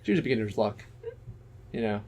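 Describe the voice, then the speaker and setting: A man's voice: fairly low pitch, animated, quick pace, darkish tone, a little hiss or hum. A young man co-hosting a casual podcast, laid-back and dry, swearing often. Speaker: podcast co-host. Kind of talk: casual chat.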